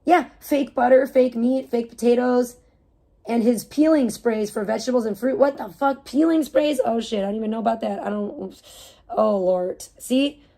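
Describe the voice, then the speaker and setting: A woman's voice: a little high, normal speed, dark tone. A woman livestreaming and reading her chat, ranting casually with heavy swearing, indignant and rambling. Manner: rambling with fillers and restarts.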